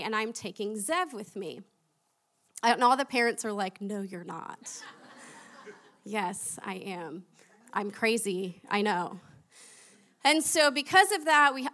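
A young woman preaching a sermon, chatty and animated, laughing at herself as she tells stories. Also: a little high.

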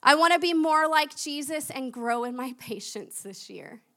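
A young woman preaching a sermon, chatty and animated, laughing at herself as she tells stories. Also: high-pitched, moderate pace.

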